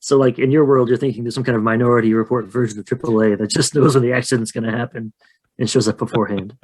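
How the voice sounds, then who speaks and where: A man's voice: mid-range voice, steady tone, quick pace, a little mellow. A man co-hosting a podcast, casually narrating his moves in a tabletop role-play and joking in a chatty, rambling way. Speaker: podcast co-host and player.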